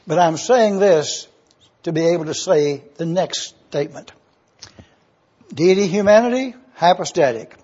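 A man preaching a teaching sermon, slow and deliberate, repeating key words and often clearing his throat. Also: on the high side, animated, dark tone. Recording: dull lo-fi recording.

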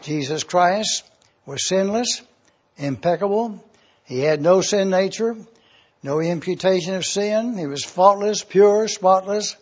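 Male Bible teacher, slow careful delivery, slightly high voice, dull lo-fi classroom tape. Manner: measured, repeats references for note-taking.

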